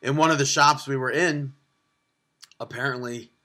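A man co-hosting a podcast in casual chat, telling travel stories and acting out street vendors in quick voices. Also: mid-range voice. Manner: animated storyteller, acts out vendors in quick put-on voices. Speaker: podcast co-host. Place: on the road in Cancun.

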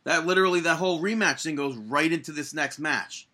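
A man's voice: fairly high pitch, brisk, pushed and bright. A young man co-hosting a casual wrestling podcast, recapping matches with an opinionated, exasperated manner. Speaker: podcast co-host.

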